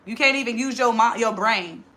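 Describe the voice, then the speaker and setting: A woman in her thirties hosting a casual livestream on her phone, chatting quickly as she reads out viewer comments. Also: on the high side, sharp tone. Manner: very fast, rapid-fire talker. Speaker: livestream host.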